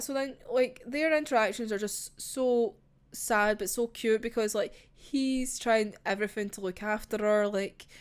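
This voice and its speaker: A young Scottish woman chatting casually about a manga in an animated, gushing way, swearing freely. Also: a little high. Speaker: manga reviewer. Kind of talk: casual chat.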